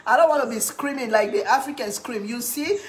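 A woman from Sierra Leone chatting casually in a cooking vlog, excitable and often laughing and shouting. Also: fairly high pitch, fairly quick. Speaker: cooking vlogger.

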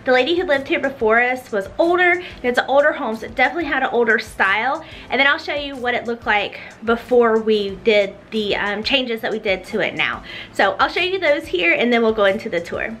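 A young woman talks through a home tour for her vlog, chatty and upbeat with plenty of fillers. Her voice sits a bit high, and she sounds slightly out of breath. Soft music plays quietly underneath. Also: lively intonation, brisk. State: a little out of breath. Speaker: homeschooling mom vlogger.

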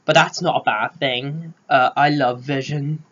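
Slow, gushing male film vlogger. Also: medium pitch, steady tone, fairly bright tone, dull audio. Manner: gushing, lots of filler words. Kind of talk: casual spoiler review.

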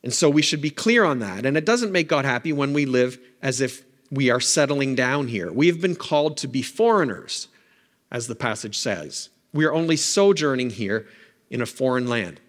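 A male pastor giving a sermon in a conversational way, often checking in with the congregation with quick asides. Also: medium pitch, animated, big-room sound. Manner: conversational preaching, frequent "right?" asides. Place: church sanctuary.

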